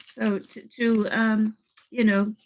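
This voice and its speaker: An older woman hosting a live stream, chatting excitedly with viewers and rambling with many restarts. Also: on the high side, slow, slight background noise. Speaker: channel host.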